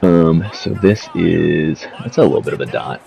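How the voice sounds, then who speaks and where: A man sitting at his home setup narrates his gameplay for a video, rambling along in easygoing slang with plenty of profanity. His voice is low-pitched and mellow with vocal fry, moving at a moderate pace, captured through a slightly dull lo-fi mic.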